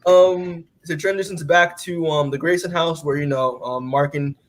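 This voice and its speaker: Rambling man with a slightly high voice. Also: steady tone, normal speed. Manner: rambling, heavy filler words, swears casually. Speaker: podcast co-host. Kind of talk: casual comic book recap.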